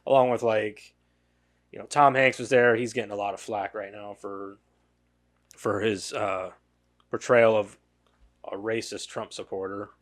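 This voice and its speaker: A man's voice: lowish voice, fairly even intonation, measured pace, long pauses. Rambling casual podcast guy. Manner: rambling, filler-heavy, profane. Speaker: podcast co-host. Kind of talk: casual chat.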